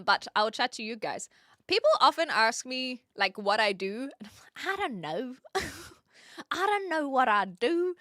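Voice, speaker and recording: Female streamer, New Zealand accent with Australian and British traces, high, bright voice, giggly casual chat, dry close sound. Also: no room sound. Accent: New Zealand, mixed with Australian and British. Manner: giggly, reads viewer chat aloud. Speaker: live streamer. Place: attic.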